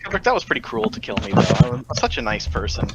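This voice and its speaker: A man's voice: mid-range voice, very animated, fast talker, highs cut off, very noisy. A man chatting casually with friends on a voice call during an online game, joking and explaining how the game works. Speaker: gamer on a group voice call. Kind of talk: casual gaming chat.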